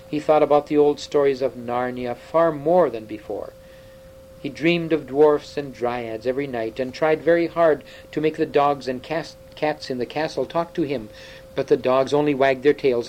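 A man narrating a children's story aloud in a lively, expressive manner. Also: medium pitch, slight background noise, rough recording.

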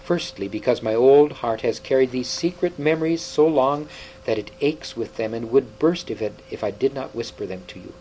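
Taking on the part of an aged half-dwarf scholar, wise and grieving, a male reader speaks with grave tenderness and an earnest mood. His natural, mellow voice sits at an ordinary pitch and moves at normal speed, over a faint hum in a low-quality recording.

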